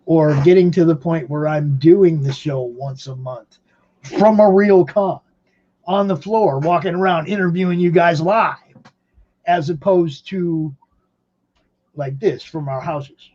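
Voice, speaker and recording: Chatty high-voiced man with muffled audio. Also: unhurried, dark tone. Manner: rambling, laughs often, chatty. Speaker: podcast host. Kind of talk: casual chat. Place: home.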